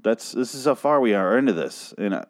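A man's voice: mid-range voice, expressive, a little fast. Profane, exasperated man ranting about a show. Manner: profane, exasperated, rambling with restarts. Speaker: TV show reviewer. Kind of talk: casual episode recap and rant.

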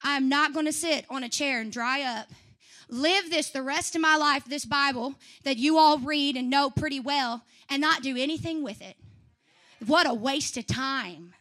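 A woman's voice: sits high, normal speed, bright, forceful tone. A woman in her twenties from Southeast Missouri with a twang, preaching an urgent, repetitive sermon at a youth service. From Southeast Missouri, USA. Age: 20s. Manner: fiery, repetitive and urgent, with emphatic rising appeals. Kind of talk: Pentecostal sermon.

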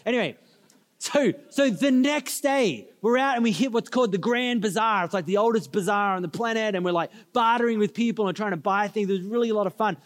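A man preaching in a big, echoing church hall, his voice sitting high for a man. He tells stories in a casual, chatty way and pulls the congregation in to answer back. The long reverb of the room trails after each phrase. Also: brisk. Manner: storytelling, conversational asides, audience call-and-response. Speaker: pastor. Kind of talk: sermon.

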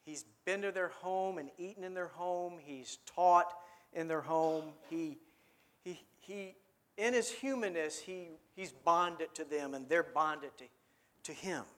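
A man's voice: fairly high pitch, measured pace, fairly bright tone. A man preaching a sermon in a conversational way, often asking his listeners questions and repeating words as he thinks aloud.

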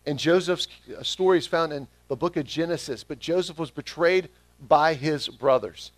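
A man's voice: a little high, moderate pace, dry recording. A man preaching a sermon, stressing his key phrases by repeating them back to the congregation. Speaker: pastor.

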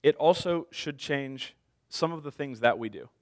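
A man's voice: a little high, moderate pace. Man preaching a casual sermon. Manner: conversational storytelling with self-deprecating humor. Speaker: pastor.

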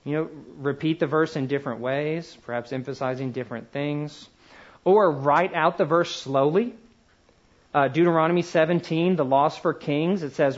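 A man teaching a class, chatting through his points and slowing right down to stress single words. His voice sits at an ordinary middle pitch. The recording is a little dull and muffled. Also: fairly even intonation. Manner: conversational, slows to emphasize words one at a time. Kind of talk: classroom lecture.

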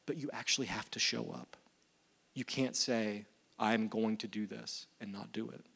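A man's voice: on the low side, moderate pace, vocal fry, husky. A male pastor preaching a sermon in a conversational way, acting out the lines of the parable. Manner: conversational, animated retellings of dialogue.

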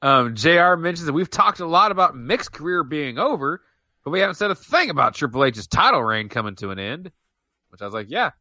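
Animated man with a bright voice. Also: fairly high pitch, a little fast, dry recording. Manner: animated, laughs often, trails off mid-sentence. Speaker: podcast co-host. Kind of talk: casual wrestling review chat.

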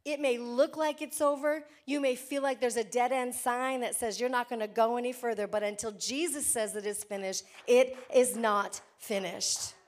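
A woman's voice: fairly high pitch, steady tone. Woman pastor preaching with dramatic swings. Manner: preaching with dramatic swings from loud declarations to hushed, slow emphasis; repeats key lines for emphasis. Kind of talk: sermon.

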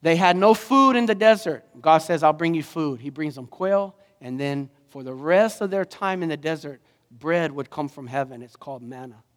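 A man pastor preaching a sermon, animated and rising to emphatic questions. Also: on the high side, moderate pace, long reverb tail.

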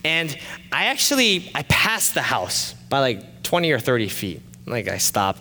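A male pastor telling a personal story in a sermon, animated and shifting from loud excited retelling to quiet confession. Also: fairly high pitch, a little slow, big-room sound.

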